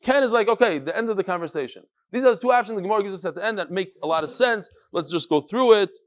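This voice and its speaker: Male Talmud teacher, yeshivish English, high voice, acts out the lines as he teaches. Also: fast talker. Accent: yeshivish English with Hebrew and Yiddish terms. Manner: animated, acts out dialogue in raised voices. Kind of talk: Daf Yomi Talmud class.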